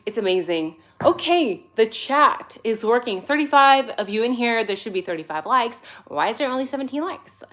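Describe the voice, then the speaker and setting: A woman's voice: on the high side, lively intonation, normal speed, fairly bright tone. A woman in her forties whose first language is not English, hosting a casual livestream from her phone, chatty and sassy, tired but caffeinated. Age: 40s. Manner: chatty, sassy, greets viewers by name. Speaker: livestream host.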